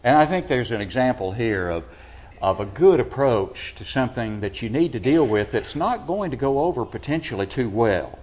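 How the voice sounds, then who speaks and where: A low-voiced man preaching a sermon in a church. He keeps asking the congregation rhetorical questions. His delivery swings between loud, emphatic peaks and hushed, deep drops. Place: church building.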